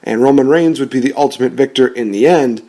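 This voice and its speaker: A man's voice: medium pitch, a little fast, warm tone. A man giving casual, rambling commentary on rebooking wrestling storylines, often correcting himself.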